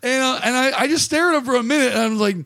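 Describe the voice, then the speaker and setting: A man's voice: very high-pitched, very fast, vocal fry, no room sound, studio quality. A male comedian hosting a podcast, telling a story and acting out the people in it. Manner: animated storyteller, acts out quotes.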